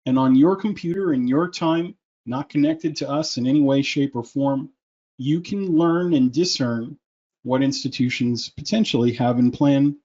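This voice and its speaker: A man's voice: medium pitch, darkish tone. A man presenting a webinar in a persuasive, salesy way, with joking asides, over a computer mic. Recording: muffled lo-fi audio.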